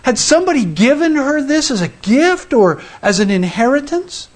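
A man with a very high-pitched, sing-song voice speaks at normal speed, preaching a sermon as a pastor. His conversational storytelling has him acting out the people in the story, with frequent restarts and fillers.

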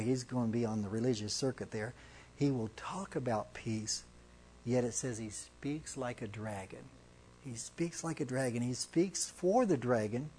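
A man's voice: mid-range voice, mellow, breathy edge. A man teaching through a Bible passage as a pastor, reading verses aloud with emphasis and restarting phrases as he explains. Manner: halting, restarts phrases, reads scripture with emphasis.

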